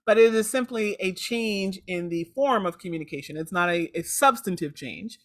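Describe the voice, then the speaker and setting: A woman's voice: medium pitch, animated, moderate pace. A woman hosting a podcast, coaching listeners on intake calls and acting out sample phone lines. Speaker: podcast host and law firm trainer. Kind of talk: instructional podcast talk.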